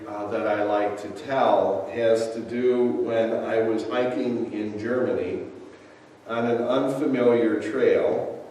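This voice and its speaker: A male pastor preaching a sermon, telling a personal story in a measured way. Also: medium pitch, darkish tone. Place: church sanctuary. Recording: echoey church hall, distant mic.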